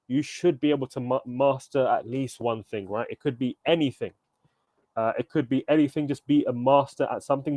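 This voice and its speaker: Man, energetic workshop coach, mid pitch, dry close sound, encouraging, checks in often. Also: no room sound. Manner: energetic, encouraging, addresses participants by name, frequent "okay?" and "right?". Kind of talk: live online workshop teaching.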